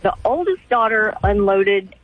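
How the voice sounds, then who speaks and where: A middle-aged woman calling in to a radio show, telling a family story in halting, restarting sentences. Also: mid-range voice, lively intonation. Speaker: caller. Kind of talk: call-in radio conversation. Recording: tinny phone line, dry.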